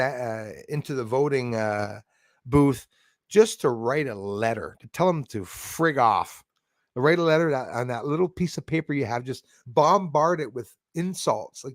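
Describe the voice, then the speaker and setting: A man's voice: medium pitch, no echo, studio quality. A man from Canada hosting a casual livestream, talking in a rambling, heated, blunt way with many restarts. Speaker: livestream host reading chat.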